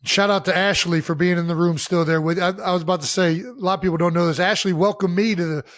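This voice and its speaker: A man in his thirties co-hosting a podcast, joking in quick, casual remarks. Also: sits high, fairly even intonation, a bit bright, no echo, studio quality. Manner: jokey, quick interjections. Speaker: podcast co-host. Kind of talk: casual chat.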